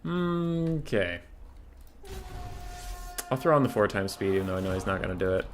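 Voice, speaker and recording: A young man streams his strategy game, delivering sarcastic, profane commentary and sometimes exploding at his units. He speaks in a lowish, expressive voice at normal speed, with faint game music in the background.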